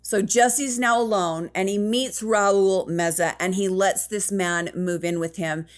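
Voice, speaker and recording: A woman's voice: medium pitch, steady tone, a little slow. Woman host telling a crime story. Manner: conversational, plain-spoken retelling. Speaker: true crime show host. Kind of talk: casual storytelling narration.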